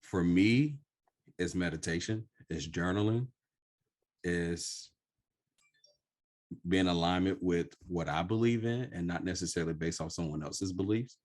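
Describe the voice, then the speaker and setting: A man with a very low, deep voice speaks slowly and earnestly. He is sharing a personal story in a reflective podcast conversation. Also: a little mellow. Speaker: podcast host.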